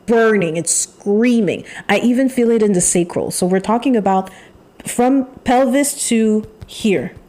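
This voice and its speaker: A woman giving a channeled tarot reading, talking in an emphatic, repetitive way with pauses and sighs. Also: medium pitch, warm tone. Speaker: tarot reader.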